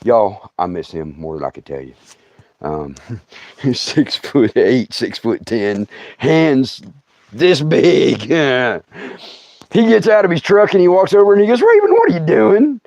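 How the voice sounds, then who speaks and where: A middle-aged man telling stories on a livestream in a casual, animated way, laughing often and acting out other people's voices. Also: mid-range voice, slow, no echo, highs cut off. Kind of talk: casual storytelling.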